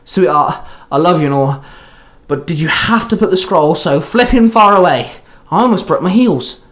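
A man's voice: on the high side, animated, normal speed, fairly bright tone, voice pushed up. A man voicing a sassy, flamboyant male servant who is doting and dramatic, speaking with exclamations.

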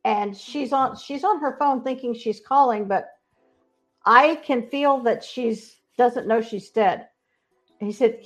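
A woman guest describing her work helping ghosts, speaking as a confident, animated storyteller. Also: medium pitch. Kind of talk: earnest spiritual storytelling. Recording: dull lo-fi sound.

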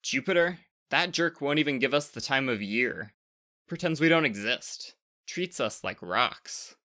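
A man's voice: medium pitch, lively intonation, unhurried, bright, forceful tone. A man voicing the planet Mars as a whiny, easily scared grumbler in a storybook reading. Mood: grumbling. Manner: muttering, whiny.

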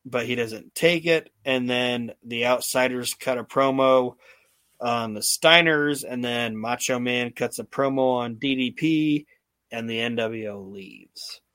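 A man's voice: mid-range voice, unhurried, a bit bright, dry recording. A male podcast host recapping old wrestling shows in casual, profanity-laced storytelling.

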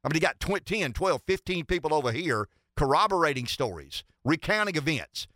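Bright, animated talk radio host. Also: male voice, on the high side, brisk, dry recording, studio quality. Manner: rambling, many fillers and restarts, emphatic. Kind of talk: political talk radio commentary.

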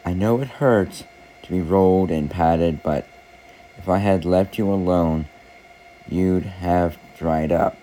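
A man voicing a patient potter who calmly explains his work to a teacup in a storybook parable. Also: deep voice, a little hiss or hum, low-quality recording. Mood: gentle. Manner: slow, gentle explaining. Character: patient calm male potter, master craftsman.

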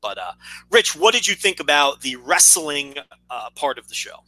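A man co-hosting a wrestling podcast in casual chat, blunt and opinionated, swearing as he goes. His voice sits high, with a very bright, forceful edge. The sound is dry and close. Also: big pitch swings, normal speed, no room sound, rough recording. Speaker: podcast co-host.

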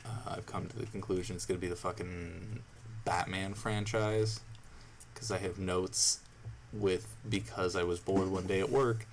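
A young man chatting casually on a podcast, animated and swearing often. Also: sits low, a little hiss or hum. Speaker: podcast co-host.

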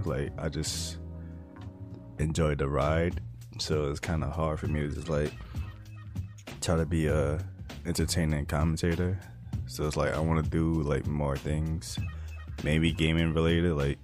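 A young man who makes gaming videos, chatting casually in a soft-spoken, laid-back way with lots of fillers. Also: rumbling low. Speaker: gaming YouTuber. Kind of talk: casual chat.

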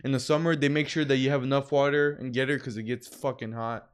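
A young man telling laid-back, slangy stories about work in a casual chat, with loud shouted impressions now and then. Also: mid-range voice, steady tone, quick pace, clear, resonant tone. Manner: slangy, laid-back storytelling, says bro a lot.

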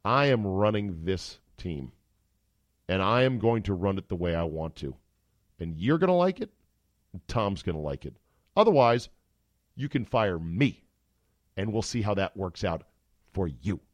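Man doing a gruff coach, cursing, blustering, dry close sound. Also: deep voice, very animated, a little slow, long pauses, no room sound. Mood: threatening. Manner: profane, blustering. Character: gruff, furious male head coach.

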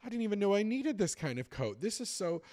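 Man doing a doddering old shop owner, high and slow. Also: sing-song, darkish tone. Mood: pleased.

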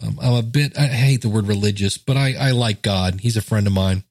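A man's voice: fairly low pitch, a little fast, darkish tone, no echo. Earnest middle-aged man, dry close mic. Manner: earnest, conversational, with fillers and emphatic asides. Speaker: podcast host. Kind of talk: casual solo podcast talk, reading and commenting.

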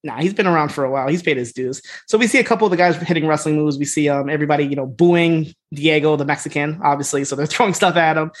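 A man co-hosting a podcast, casually recapping a TV episode and acting out its dialogue in quick bits. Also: a little high. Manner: animated retelling, acts out scene dialogue. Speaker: podcast co-host.

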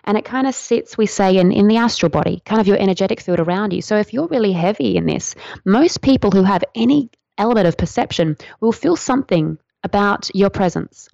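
A woman talking as a podcast guest, explaining tantra in a flowing, earnest, gently instructive way. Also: mid-range voice, lively intonation, fairly quick, vocal fry, no echo. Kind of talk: podcast interview answer. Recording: dry, dull lo-fi sound.

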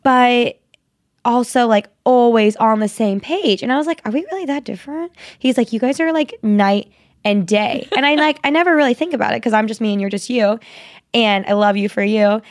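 Young woman, fairly high voice, dry close mic, chatty podcast co-host. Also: moderate pace, no echo. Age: young adult. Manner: chatty and warm, says "like" often. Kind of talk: casual chat.

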